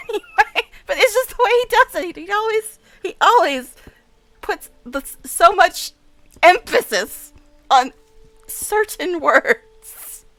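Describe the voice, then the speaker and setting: A woman streamer chatting casually over her gameplay, giggly and talkative, with hushed asides. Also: very high voice, lively intonation, takes it slowly, long pauses, no echo, poor audio. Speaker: streamer playing a game.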